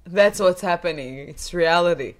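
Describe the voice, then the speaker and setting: A woman's voice: lowish voice, normal speed. A woman, a Hebrew speaker, co-hosting a casual podcast and chatting playfully, interrupting and laughing. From Israel. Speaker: podcast co-host. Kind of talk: casual chat.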